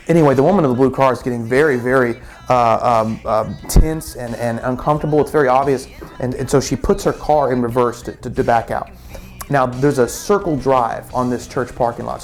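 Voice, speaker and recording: A man telling a story casually, with many restarts and repeated words. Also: medium pitch.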